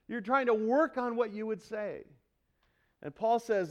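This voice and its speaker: Preacher guy giving a sermon, slightly high voice, swings from loud punchy bits to quiet serious teaching, keeps checking in with the crowd. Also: takes it slowly, pauses often, dull audio. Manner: animated, shifts from loud emphatic bursts to quiet earnest teaching; asks the congregation for responses. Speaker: pastor. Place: church.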